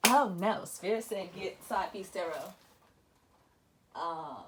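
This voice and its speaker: A woman tarot reader talking casually about spirituality, acting out her own thoughts in animated quoted asides. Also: mid-range voice, slow pace, pauses often, a little hiss or hum.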